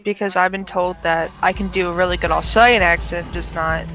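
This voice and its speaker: Bright young-sounding woman, offhand chat. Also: on the low side, steady tone, brisk, faint music behind, low-quality recording. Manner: offhand, filler-heavy. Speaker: gamer in voice chat. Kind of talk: casual chat.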